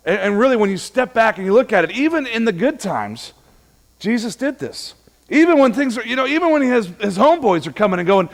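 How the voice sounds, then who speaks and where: A man with a fairly high voice delivers a relaxed church sermon. He talks to the congregation like friends and tells stories from home. He acts out both sides of each exchange as he goes. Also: fast. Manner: conversational preaching with humorous anecdotes, acting out dialogue. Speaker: pastor.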